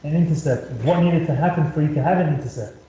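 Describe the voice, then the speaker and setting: A man's voice: on the high side, fast talker, warm tone, slight background noise. Chatty male maths tutor, roomy sound. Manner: chatty, repetitive, talks students through steps. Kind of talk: casual whiteboard lesson. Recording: roomy echo, slightly dull lo-fi sound.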